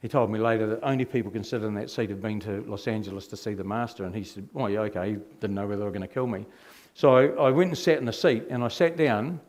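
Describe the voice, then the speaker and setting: A man's voice: fairly low pitch, fast talker. Middle-aged New man telling his testimony. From New Zealand. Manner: animated, rhetorical questions to the audience. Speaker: speaker giving his testimony. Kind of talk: personal testimony storytelling.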